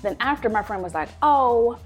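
A woman's voice: on the low side, moderate pace, soft background music. A woman from Chicago, a wine consultant, telling stories in a casual vlog and acting out the voices of people in them. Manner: animated, acts out quoted voices.

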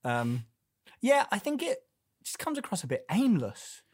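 A man's voice: high voice, wildly swooping pitch, a little slow, breathy edge, no echo, studio quality. A man hosting a casual film discussion, chatty and playful, prone to tangents.

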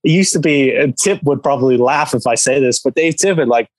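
A man's voice: mid-range voice, a little fast, no room sound, poor audio. A man from England, a professional hockey player guesting on a podcast, telling a story in a rambling way full of fillers. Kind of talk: casual storytelling.

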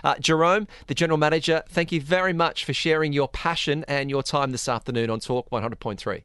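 A man's voice: a little high, fairly even intonation, a little fast, fairly bright tone, smooth, dry recording, clean studio sound. A male talk radio host, chatty and upbeat, wrapping up an interview and chatting with his co-host. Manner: chatty, many fillers, upbeat.

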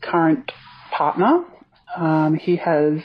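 A woman's voice: deep voice, lively intonation, highs cut off. A woman caller leaving a hesitant voice message with an altered voice, full of fillers. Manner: slow, hesitant, many fillers. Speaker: caller confessing a secret. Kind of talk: recorded voice message.

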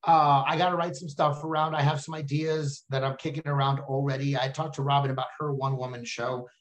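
A man with a Texan accent, a comedian chatting casually and telling animated stories as a podcast guest. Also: mid-range voice, a little fast. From Texas. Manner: animated storyteller, slips into silly voices.

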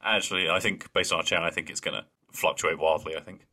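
Deep bright-toned man, animated. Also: fast. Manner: animated, laughs easily, does mocking impressions of deadpan lines. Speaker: podcast co-host. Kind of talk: casual chat.

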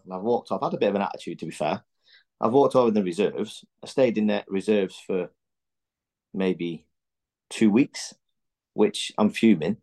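A middle-aged man with a fairly low voice tells his stories bluntly and candidly, swearing freely. He often stumbles and restarts mid-sentence, like in a relaxed podcast chat. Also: moderate pace. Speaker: podcast guest, former footballer. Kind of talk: casual chat.

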